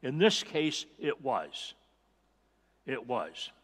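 A man's voice: medium pitch, big pitch swings, drawn-out words, fairly bright tone, husky, in a large hall. A male pastor preaching a sermon, earnest and emphatic, repeating key phrases for weight. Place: church sanctuary.

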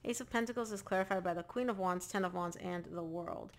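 Woman, tarot reader, emphatic, repeats herself, gravelly fry in her voice. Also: lowish voice, brisk, slight background noise. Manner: emphatic, repeats phrases, addresses the viewer directly. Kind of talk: casual spoken tarot reading.

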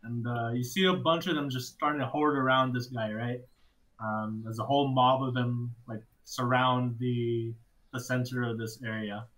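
A young man narrating a tabletop game as game master, in a loose, halting way with frequent restarts. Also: medium pitch, steady tone, fairly bright tone, low-quality recording.

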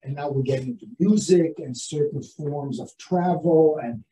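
An older man speaking as an author at an academic seminar, talking in a halting way with many restarts and fillers. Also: on the high side, mellow. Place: seminar room. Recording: roomy, distant from the mic.

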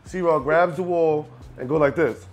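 A man, a rapper and guest, telling a story in a casual, profane, animated way and acting out the scenes. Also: on the high side, unhurried.

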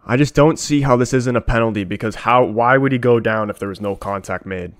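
A man's voice: medium pitch, fairly quick. Ranting football fan, man. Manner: emotional, ranting, talks straight to viewers. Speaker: football fan reacting to a live match. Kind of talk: live match reaction.

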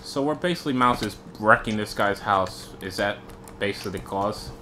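A young gamer with a lowish, brisk, sharp-toned voice chats casually while playing a video game, joking around and getting startled easily. Faint background noise is present.

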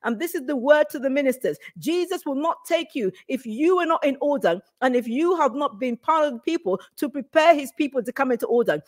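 A middle-aged woman preaching a prophetic sermon, urgent and repetitive, building into fervent exhortation. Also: high voice. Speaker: preacher sharing a prophetic word.

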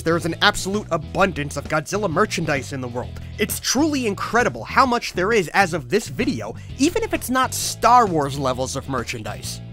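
A man hosting a comedic toy history show, with a lively, swooping delivery. He sounds jokey and exasperated, and his voice cracks upward when flustered, over faint background music. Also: high-pitched. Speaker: host.

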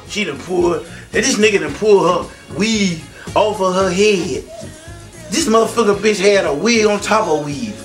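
A man telling profane stand-up comedy stories in a loud, animated way, often breaking into shouts. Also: high-pitched, normal speed. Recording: distant mic, faint music behind.

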